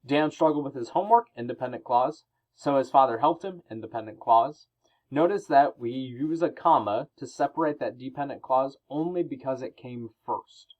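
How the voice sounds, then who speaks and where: A man teaches a recorded grammar lesson at an ordinary mid pitch. He explains patiently and casually, with fillers and small restarts. The sound is slightly muffled and lo-fi. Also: normal speed. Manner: explanatory, with fillers and self-corrections.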